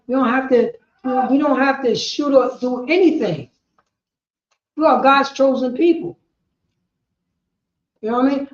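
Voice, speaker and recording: A woman teaching a history class, lecturing emphatically, repeating herself and rising to shouts. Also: high-pitched. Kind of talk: street-preaching lecture. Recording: roomy, dull lo-fi sound.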